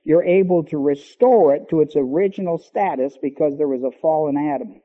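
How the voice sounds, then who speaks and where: A man preaching a sermon, teaching emphatically and slowing down to stress key words. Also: a little high. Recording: long hall reverb, dull lo-fi sound.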